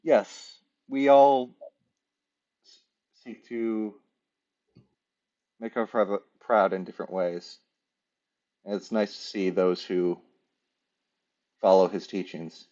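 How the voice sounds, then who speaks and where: A man's voice: on the low side, fairly even intonation, slow, pauses often, warm tone, highs cut off. A man voicing a poised, formal female silver dragon. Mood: stately.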